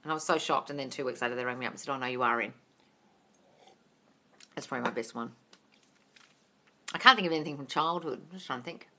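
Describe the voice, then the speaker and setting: A woman's voice: low-pitched, rapid-fire. Chatty woman hosting a live stream. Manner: chatty and animated, calls viewers darling, swears casually. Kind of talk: casual live-stream Q&A, reading viewer comments. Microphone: phone.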